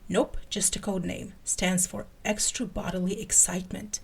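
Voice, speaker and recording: A woman's voice: medium pitch, flat delivery, normal speed, creaky, a little mellow, breathy edge. Woman voicing a theatrical diva rogue agent. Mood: conspiratorial. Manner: impatient, exasperated diva.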